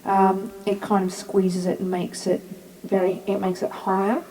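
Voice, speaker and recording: Mellow, gravelly woman explaining gear. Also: mid-range voice, flat delivery, unhurried, slight background noise, low-quality recording. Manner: plain step-by-step explaining with "um" fillers. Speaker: music gear demonstrator. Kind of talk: hands-on product tutorial.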